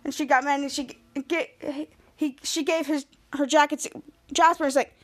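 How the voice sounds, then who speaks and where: High-voiced woman animatedly recapping a show. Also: moderate pace. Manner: animated retelling, acting out quoted lines. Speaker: podcast host. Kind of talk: casual episode recap.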